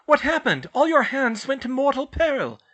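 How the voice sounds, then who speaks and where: A man voicing a frantic, motherly middle-aged witch with a shrill, pleading voice. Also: very animated, normal speed, a bit bright, heavily acted.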